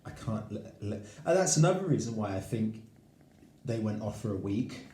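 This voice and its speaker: A man's voice: on the low side, sing-song, normal speed, dark tone. A man rambling casually to camera as a vlogger at his rural home, chatty and giggly. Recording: roomy echo.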